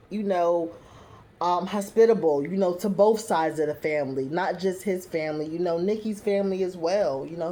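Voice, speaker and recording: A woman's voice: fairly low pitch, mellow. A young adult woman giving a casual recap review, chatty and full of fillers, with blunt, sassy asides.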